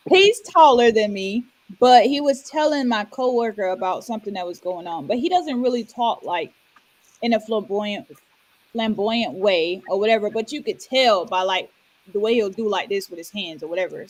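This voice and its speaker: A woman co-hosting a podcast, telling a story in relaxed, chatty casual talk. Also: on the high side, normal speed, poor audio. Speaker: podcast co-host. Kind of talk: casual chat.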